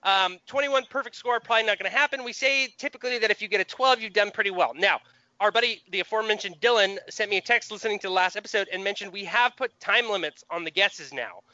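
Casting: high, bright, rapid-talking male host, dry close sound, slightly lo-fi. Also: dry recording. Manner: quick, upbeat, explains rules. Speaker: podcast host. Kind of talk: casual chat and game hosting.

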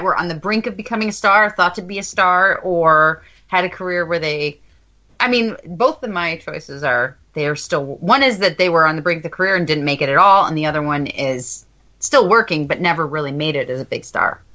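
A woman's voice: fairly low pitch, normal speed, bright, forceful tone, muffled recording. A woman with a Midwestern accent co-hosting a casual film podcast, teasing and laughing easily. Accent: Midwestern American. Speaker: podcast co-host.

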